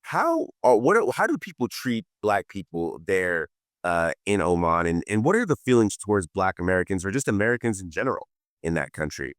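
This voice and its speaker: A man's voice: low voice, sing-song, brisk, no echo, studio quality. A man hosting a casual interview. He often stops and restarts his questions and fills gaps with "uh". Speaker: podcast host.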